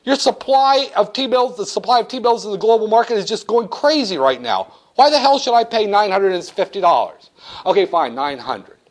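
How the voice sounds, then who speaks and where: A man's voice: high voice, animated, moderate pace, voice pushed up. A man voicing a rude male banker who haggles sarcastically and curses. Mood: haggling. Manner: brash, sarcastic, cursing.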